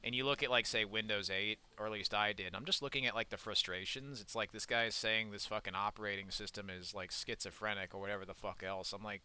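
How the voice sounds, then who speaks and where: A man's voice: lowish voice, steady tone, fast talker, hardly any pauses, bright, forceful tone, clean tone. A young man giving rambling, profane let's-play commentary while he plays a game. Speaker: gaming YouTuber.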